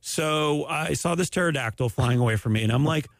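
A man hosting a casual podcast chat, pitching absurd business ideas in a deadpan way. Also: brisk, vocal fry, no room sound, studio quality. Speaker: podcast host.

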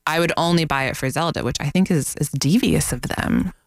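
A woman's voice: low-pitched, brisk, dry recording, clean studio sound. A woman blogger who is a guest on a radio show, talking candidly and poking fun at herself. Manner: candid, self-deprecating, giggly. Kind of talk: casual radio interview chat. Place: radio studio. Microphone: studio microphone.

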